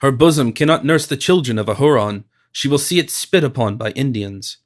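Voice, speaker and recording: A man's voice: medium pitch, a little fast, lightly acted. A man reading the part of a fierce, vengeful male warrior who taunts his captives. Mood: taunting. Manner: taunting, menacing.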